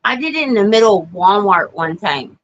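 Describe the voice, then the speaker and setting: A woman's voice: medium pitch, expressive, brisk. A middle-aged woman, a mother guesting on a video call, telling frank stories and acting out what was said. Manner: frank storytelling, acts out quotes. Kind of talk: casual chat. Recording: dull, lo-fi call audio.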